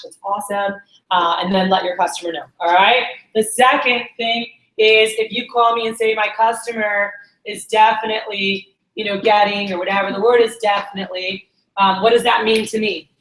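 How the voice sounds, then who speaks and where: A woman sales trainer telling stories to a group, acting out quotes in an animated way. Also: on the high side, a little hiss or hum. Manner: animated storyteller, acts out quotes. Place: meeting room with a group. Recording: echoey meeting room.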